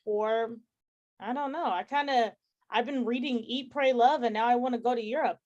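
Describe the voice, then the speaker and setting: Lively woman telling stories. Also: a little high, moderate pace, highs cut off. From San Antonio, Texas. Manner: animated storyteller, acts out quoted dialogue. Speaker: guest chef. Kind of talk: casual interview chat.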